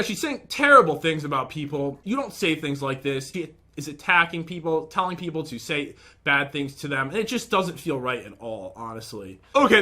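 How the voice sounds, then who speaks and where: Bright-voiced young man venting on camera. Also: on the high side. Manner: aggrieved, rambling, reads out messages. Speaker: vlogger. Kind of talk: casual commentary to camera.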